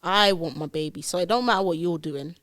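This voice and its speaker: A woman's voice: fairly low pitch, a little fast, no echo. Woman, candid storytelling, acts out voices, dead-dry studio mic. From London, England. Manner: animated, acts out dialogue in her story. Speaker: podcast guest.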